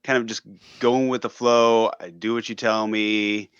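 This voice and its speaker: A man with a fairly low voice muses and hedges in a relaxed chat, leaning on "like" as he thinks aloud. The sound is dull and slightly muffled, dry with no room around it. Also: a little slow, clear, resonant tone, no room sound. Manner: thoughtful, hedging, many "like" fillers. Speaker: radio host, podcast guest. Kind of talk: casual conversation.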